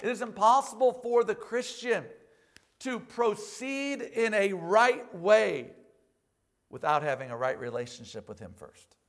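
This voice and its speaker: A man's voice: sits high, expressive, unhurried. A male pastor preaching a sermon, quoting scripture and asking the congregation for amens. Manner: preachy call-and-response with frequent "amen"; quotes scripture in old King James wording.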